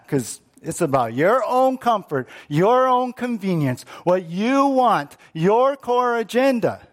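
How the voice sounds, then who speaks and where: Slow-talking male pastor. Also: a little high. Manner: conversational, repeats words, asks listeners questions. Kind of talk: sermon.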